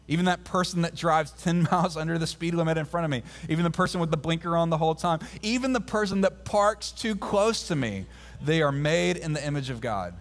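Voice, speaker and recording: A man, a pastor, preaching a sermon and repeating key phrases, slowing down to stress them. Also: fairly high pitch. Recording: long hall reverb.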